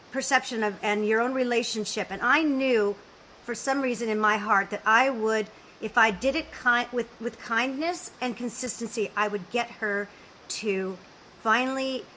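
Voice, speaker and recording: A woman hosts a candid caregiving podcast chat. Her voice is slightly high and very bright. She talks earnestly and reassuringly, often restarting her sentences. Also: slight background noise, poor audio. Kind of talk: candid conversational interview.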